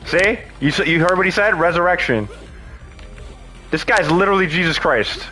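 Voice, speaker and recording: Brief: young male streamer, high-pitched and excitable, swears and yells through live play. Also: moderate pace, soft background music. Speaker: gaming streamer. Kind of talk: live gameplay commentary.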